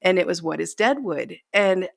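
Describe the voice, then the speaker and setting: A woman's voice: lowish voice, lively intonation, normal speed, vocal fry, no room sound, studio quality. A middle-aged woman author telling stories in a casual interview, chatty and self-deprecating, laughing often. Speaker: author guest.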